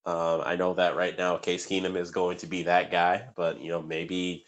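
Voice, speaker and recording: A man's voice: deep voice, completely flat delivery, moderate pace. A man co-hosting a sports podcast, talking casually and rambling with many fillers and restarts. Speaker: podcast co-host.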